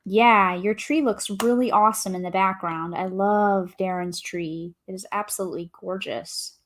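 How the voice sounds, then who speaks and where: A woman's voice: medium pitch, steady tone, moderate pace, fairly bright tone. Cheery young woman, livestream host, chatty, reading out viewer comments. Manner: upbeat, reads viewer comments aloud. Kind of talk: casual livestream chat.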